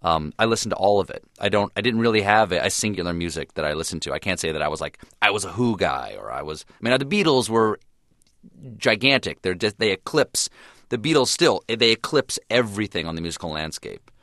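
A man with a low, deep voice talks through his memories as an interview guest, reflective and meandering, often restarting his sentences. The sound is dry and close, straight into a studio microphone. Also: expressive, fast, fairly bright tone, dry recording. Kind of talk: casual interview chat.

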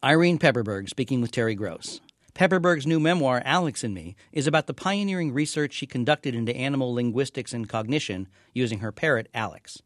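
A man delivering scripted radio announcements, smooth and formal. His voice sits in a middle range. The sound is dry and close. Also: mid-range voice, animated, fairly quick, dry recording.

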